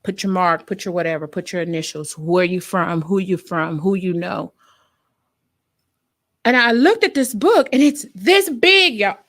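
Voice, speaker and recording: A young adult woman, a nurse and podcast host, telling an emotional personal story in a casual, animated way and talking straight to her listeners. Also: mid-range voice.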